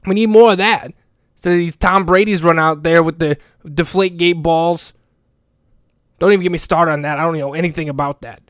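A man's voice: sits high, fairly bright tone, no room sound. A man playing a crude, foul-mouthed school janitor who rambles bluntly in an improvised comedy rant. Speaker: comedic character monologue.

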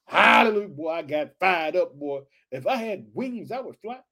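A man with a notably high voice preaches with fire, reading scripture aloud and breaking off to call out to his listeners again and again. His delivery is exclamatory and urgent, driving each point home with repetition. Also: very animated, moderate pace. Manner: exclamatory, repeats calls to the listeners. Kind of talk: fiery sermon with scripture reading.

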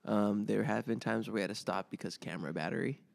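A man with a low, gravelly voice talks about running his music series in a loose, easygoing way. He stops and restarts often, with plenty of ums and likes. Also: fast talker. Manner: relaxed, many fillers and restarts. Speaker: guest, pop-up music series curator. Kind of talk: casual interview chat.

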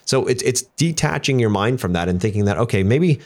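A man's voice: mid-range voice, animated, a little fast, darkish tone. A middle-aged man who runs a business, co-hosting a casual podcast and telling candid stories with acted-out quotes. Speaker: business owner and podcast co-host.

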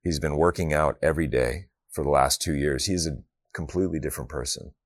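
Deep-voiced man telling a faith story. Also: a little fast. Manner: earnest, conversational, with many "you know" asides. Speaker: speaker. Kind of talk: faith talk with personal storytelling.

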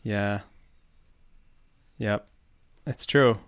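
A man's voice: on the low side, drawn-out words, smooth. A man from Buffalo, New York, chatting casually as a podcast co-host, rambling with lots of fillers and laughing easily. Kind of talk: casual chat.

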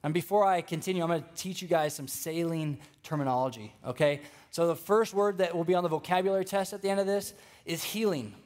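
A young man preaching a sermon, telling stories with lively energy and speaking straight to the congregation. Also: on the high side, fast talker. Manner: storytelling, animated, addresses congregation directly.

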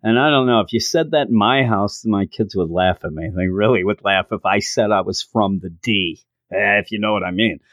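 A man's voice: lowish voice, moderate pace, hardly any pauses, dry recording, muffled recording. A middle-aged man casually reviewing a comic book, enthusiastic and rambling with frequent restarts.

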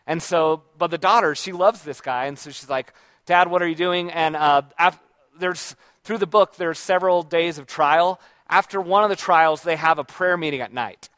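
Man, somewhat high voice, casual rambling book talk, dry sound. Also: normal speed, a bit bright, no echo. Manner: rambling, reflective, with many restarts. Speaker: book reviewer.

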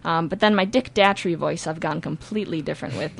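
A teenage girl from Minnesota with a Minnesotan accent, a high school actor chatting in an interview and laughing often. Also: vocal fry. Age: teens. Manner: chatty, giggly, quick to laugh. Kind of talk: casual interview talk.

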